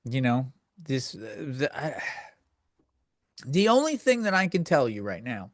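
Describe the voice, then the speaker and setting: A man's voice: medium pitch, no echo, clean studio sound. A man hosting a comedy podcast, ranting in a crude, sardonic, rambling way. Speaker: podcast host. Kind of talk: comedic rant.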